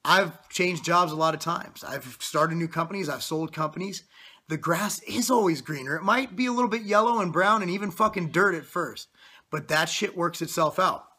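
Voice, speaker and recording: Man in his thirties, fitness vlogger, blunt profane motivational rant; bright, husky tone. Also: a little high, normal speed. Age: 30s. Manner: blunt, profane, intense pep talk.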